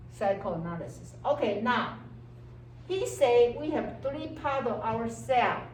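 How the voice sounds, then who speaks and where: A woman lecturer speaks slowly in a fairly high voice, asking "okay?" every few phrases. Her English has non-native grammar, and she acts out little inner voices as she teaches. She is recorded from across a reverberant classroom, with a faint hiss under her. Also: a little mellow, recorded from a distance. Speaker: psychology lecturer. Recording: echoey classroom heard from afar.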